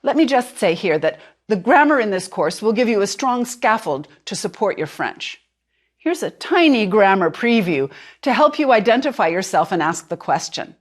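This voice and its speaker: Lively-pitched woman teaching a language. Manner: clear, deliberate, slows down for drilled words. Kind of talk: instructional narration.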